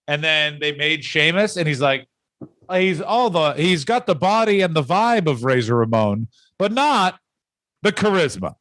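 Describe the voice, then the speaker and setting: A man co-hosting a comedy podcast, riffing in a deadpan, absurd way in casual chat. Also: fairly high pitch, unhurried, no room sound.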